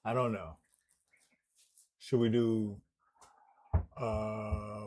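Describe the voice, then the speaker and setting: A man's voice: on the low side, extremely slow, long pauses, warm tone, slightly rough. A man live streaming, thinking aloud in a hesitant, musing way, trailing off and laughing between remarks.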